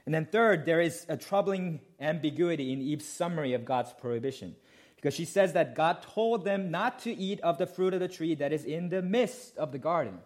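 A man's voice: fairly high pitch, lively intonation, moderate pace, darkish tone. A male pastor preaching a sermon, explaining a passage emphatically and asking rhetorical questions.

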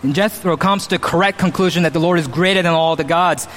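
A man's voice: quick pace, fairly bright tone. A man preaching a sermon as pastor, emphatic, at times mimicking boastful speech. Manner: emphatic, acts out quoted boasts with raised pitch. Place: church. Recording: long reverb of a church hall.

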